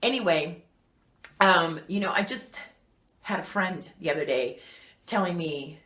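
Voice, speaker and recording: A woman's voice: fairly low pitch, animated, unhurried, fairly bright tone. A woman hosting her own channel, talking casually and rambling with lots of fillers. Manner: chatty and rambling, with many fillers. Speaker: channel host. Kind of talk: casual talk to camera. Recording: echoey room.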